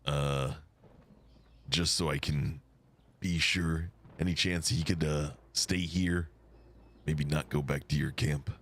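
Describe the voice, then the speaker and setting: A man's voice: a bass voice, steady tone, takes it slowly, pauses often, a bit bright. A man playing a tabletop game, chatting casually and musing aloud. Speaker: player.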